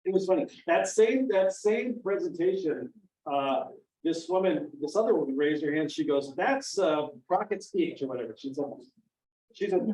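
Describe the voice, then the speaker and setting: Animated man speaking in an echoey room. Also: on the high side, normal speed. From Maine. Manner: animated, acts out quoted voices. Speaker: children's author at library visit. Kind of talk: storytelling talk to children and families. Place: library event room. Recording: dull, echoey room from far off.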